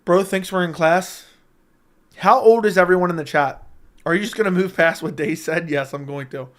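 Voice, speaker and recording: A young man hosting a casual livestream from a room at home, talking close into a studio mic, joking and crude, with sudden loud bursts. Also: high voice, normal speed. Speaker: livestream host. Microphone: close studio mic with audio interface.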